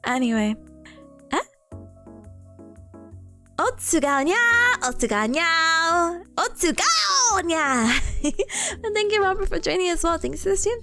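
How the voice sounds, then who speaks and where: A young woman streaming a casual chat, bubbly and giggly, stammering and squealing with excitement. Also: high voice.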